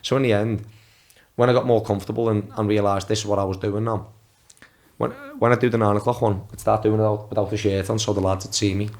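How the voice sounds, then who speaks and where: A man's voice: fairly low pitch, steady tone, fast, a little mellow. A man in his twenties, a former footballer guest on a podcast, telling casual anecdotes and acting out quotes in a raised voice, swearing freely. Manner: swears freely, talks in restarts. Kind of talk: casual storytelling.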